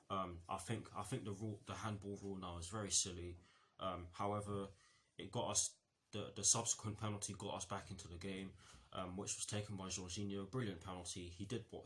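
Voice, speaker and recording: A man's voice: sits low, a bit bright, slight background noise. A man giving a casual football match review, rambling with many fillers, false starts and self-corrections.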